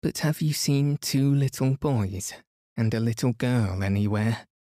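A man's voice: mid-range voice, unhurried, mellow, dry recording, clean studio sound, close to an everyday voice. A man voicing a polite, decided girl. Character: polite, sensible older girl.

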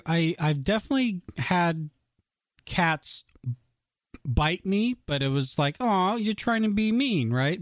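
A man co-hosting a casual podcast, telling a story with many restarts and lively quoted voices. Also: mid-range voice, no echo, studio quality. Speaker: podcast co-host.

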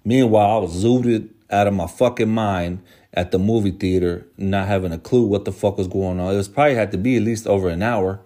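A man with a low voice telling a personal story to his viewers. He talks in loose, casual slang, restarts his sentences often and swears freely. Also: steady tone, fairly quick, mellow. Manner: profane, slangy, rambling.

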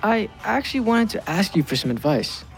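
A man's voice: high-pitched, very animated, brisk, vocal fry, soft background music, full character voice. An actor playing a reflective, unsure teenage boy writer who talks with a wry, hesitant manner in a scripted audio drama.

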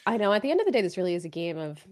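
A woman with a slightly low voice hosts a casual recap podcast. She rattles through events in a loose, chatty way, often slipping into quick impressions of what people said. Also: sing-song, a little mellow. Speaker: podcast co-host.

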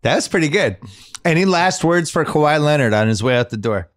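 A man hosting a casual sports podcast, animated and quizzing his guests. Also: a little fast, no echo, studio quality. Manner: animated, quizzing guests, lists names with rising pitch. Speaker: podcast host.

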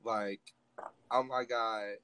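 This young man's voice is low, fairly even, and very slow, yet pushed and bright, with a clear, resonant tone and no room sound. Co-hosting a podcast, he tells a story dramatically, acting out quotes and cursing freely.

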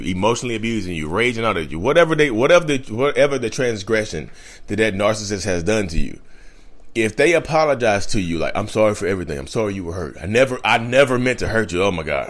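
Casual vlog host, male, lowish voice, emphatic and repetitive, stretches words out. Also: a bit bright. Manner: emphatic, repeats key phrases, drawls words slowly. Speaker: YouTube host on narcissism. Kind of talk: casual talking-to-camera monologue.

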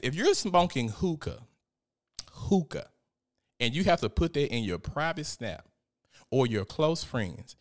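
A young man hosts a casual live stream, talking in an animated, profane way and reading out viewer comments. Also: mid-range voice. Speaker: host.

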